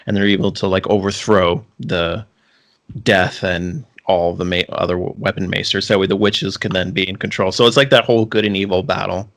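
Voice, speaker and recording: A man with a fairly low voice talks loosely as a podcast co-host. He wanders through his points, restarting sentences and leaning on filler words. The tone is relaxed, casual chat. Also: a little fast. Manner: rambling, many restarts and "like" fillers.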